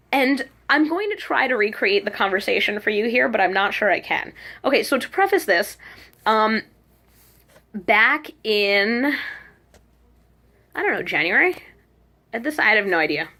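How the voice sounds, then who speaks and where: A woman vlogging to a handheld camera, telling a casual story and animatedly acting out her own reactions. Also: mid-range voice. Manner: chatty, animated quoting of herself. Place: abroad in Korea, at home.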